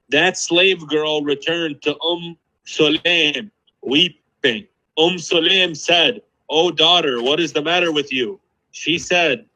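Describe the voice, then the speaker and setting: A man in an online debate, defensive and hesitant, reading texts aloud haltingly. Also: a little high, sharp tone, low-quality recording. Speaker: debate opponent.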